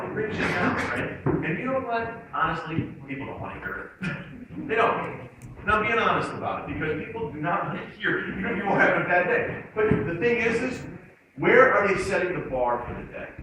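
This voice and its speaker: Energetic man speaking in an echoey hall. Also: a little high. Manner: energetic, leads audience in call-and-response exercises. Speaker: motivational speaker. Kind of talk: talk to students. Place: large hall with student audience. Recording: echoey hall from far off, noisy.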